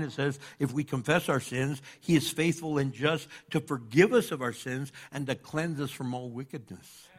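A man preaching a sermon, animated, jumping between loud outbursts and quiet asides as he acts out the people in his stories. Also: on the high side. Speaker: pastor.

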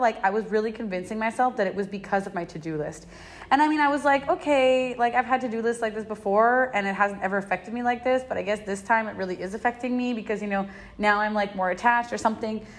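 A young woman hosts her own podcast and opens up about something personal. Her voice sits in the middle range, and she rambles through it with constant filler words. She swears often and her voice jumps high when she exclaims. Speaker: podcast host. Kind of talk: personal confessional talk.

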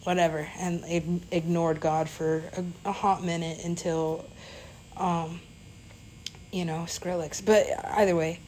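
A woman's voice: fairly low pitch, flat delivery, takes it slowly, a little mellow, a little hiss or hum, poor audio. A woman DJ telling a story in a casual, rambling way, full of fillers and swearing.

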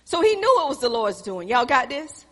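Woman preacher, fervent sermon, bright tone, reverberant hall. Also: sits high, sing-song, moderate pace. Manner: preaching with rising fervor, addressing the congregation.

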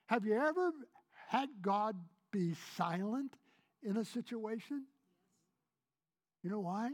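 High-voiced preacher, loud then hushed. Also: male voice, animated, slow pace, pauses often. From Kentucky. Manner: swings between loud emphatic lines and hushed, soft passages; conversational preaching, asks the congregation questions. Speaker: pastor. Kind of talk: sermon.

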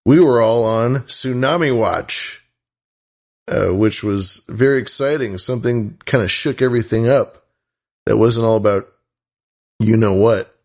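A man's voice: fairly low pitch, a little slow, darkish tone. A man from the US West Coast hosting a podcast, chatting casually in a rambling, playful way with many restarts. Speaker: podcast host. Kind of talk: casual chat.

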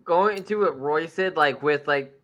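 A man's voice: fairly high pitch, moderate pace, a bit bright, a little hiss or hum. A man in casual group chat, rambling with lots of filler words and frequent laughter. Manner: rambling, heavy use of filler "like", laughs often.

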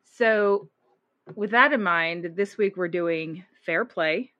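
A woman's voice: on the low side, takes it slowly, no room sound, muffled recording. A woman co-hosting a podcast in casual chat, making joking asides. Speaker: podcast co-host.

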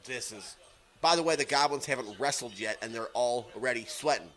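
A man's voice: medium pitch, normal speed, a bit bright. A man with a mid-range, ordinary voice co-hosts a podcast, watching along and heckling what is on screen. His delivery is sarcastic and crude, full of blunt put-downs. The talk stays loose and profane. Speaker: podcast co-host.

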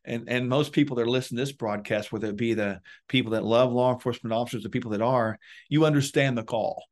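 A man talking through advice in an interview, his voice sitting in a middle register. He coaches with emphasis, often jumping up for key points before settling back. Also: mid-range voice. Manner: emphatic, coaching tone with lively bursts. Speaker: police wellness guest.

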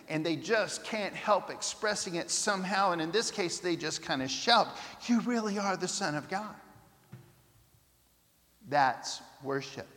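A male preacher delivers a sermon with an animated, storytelling manner, slipping into the voices of the people he quotes. His voice sits high for a man. The sound carries a long reverb, as if from a large hall.

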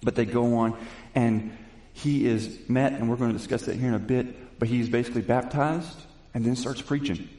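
A man's voice: mid-range voice, fairly even intonation, normal speed, dark tone. A man preaching a sermon. He reads scripture, retells it in his own casual words, and builds to emphatic questions. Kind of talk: sermon with Bible reading. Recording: echoey room.

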